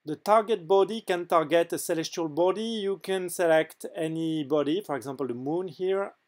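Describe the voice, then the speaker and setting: A man with a French accent, French his first language, narrating a software demo in a hesitant way with frequent filler pauses. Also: fairly high pitch. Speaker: game mod developer.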